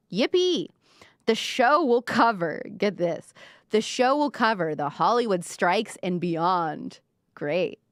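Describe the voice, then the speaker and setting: A woman's voice: medium pitch, a bit bright, no room sound, clean studio sound. A woman hosting a live-stream commentary show, talking sarcastically and mockingly. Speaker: podcast host.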